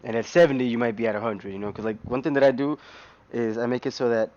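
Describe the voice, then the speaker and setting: A man's voice: mid-range voice, fairly even intonation, fast talker, darkish tone. Rambling man on a muffled stream. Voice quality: rambling, lots of fillers and restarts, laughs often. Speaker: live stream host. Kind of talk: casual gaming stream chat.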